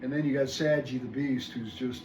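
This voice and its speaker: A man's voice: mid-range voice, steady tone, normal speed, recorded from a distance, muffled recording. Winded man in his sixties counting reps. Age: 60s. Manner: groans and mutters between sets, chatty asides. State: out of breath. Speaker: fitness vlogger. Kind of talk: workout vlog, counting reps aloud. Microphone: phone camera set at a distance. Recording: echoey room, phone from afar, background noise.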